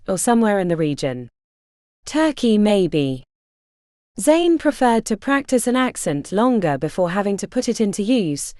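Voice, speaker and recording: A woman narrating an unabridged fantasy audiobook in an expressive, measured storytelling manner. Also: medium pitch, dry recording, clean studio sound.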